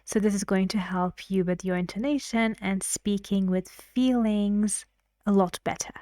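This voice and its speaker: An English teacher gives an intonation lesson explaining clips, speaking slowly and deliberately and echoing short phrases back so learners can copy them. Her mid-range voice is mellow and steady, dry and close, with no room sound.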